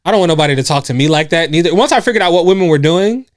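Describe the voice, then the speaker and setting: A man with a fairly high voice, recorded close and dry with almost no room sound. He chats casually on a podcast couch, laughing a lot and playing out the lines of people in his stories. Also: animated, racing, no echo. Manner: storytelling, laughs often, acts out quotes. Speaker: podcast co-host. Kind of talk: casual chat. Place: indoors on a couch.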